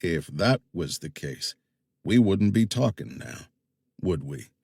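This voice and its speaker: A menacing backwoods boatman in an audiobook, as a male narrator puts him on, drawling slow rural threats over a leveled shotgun. The voice sits low and dry, close to the mic. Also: very animated, gravelly, darkish tone, husky, no room sound, full character voice.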